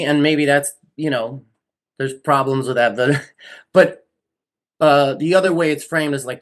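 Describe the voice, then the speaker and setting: Male podcast co-host, mid-pitched voice, musing and questioning, casual discussion. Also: fairly bright tone. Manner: thinks aloud, questioning, chains loose clauses.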